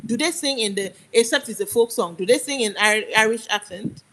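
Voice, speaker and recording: Ranting heatedly on a live stream, a young Nigerian woman with a Nigerian accent argues forcefully and hammers home her points. Her voice is on the high side, a bit bright and a little fast, in a low-quality recording with faint hiss or hum.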